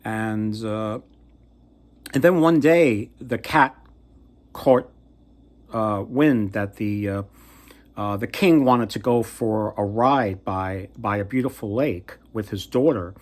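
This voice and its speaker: A man casually retelling a fairy tale from memory, halting and often trailing off to restart. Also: fairly low pitch. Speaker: storyteller.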